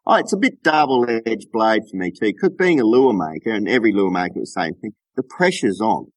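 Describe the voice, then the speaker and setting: A man's voice: lowish voice, expressive, brisk, no echo. An Australian man chatting casually as a podcast guest over a remote call, laid-back and full of local slang. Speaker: guest lure maker.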